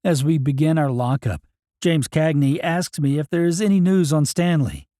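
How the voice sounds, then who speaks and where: Mellow-voiced male audiobook narrator. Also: on the high side, normal speed, no room sound, studio quality. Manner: plain, matter-of-fact storytelling. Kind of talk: first-person audiobook narration.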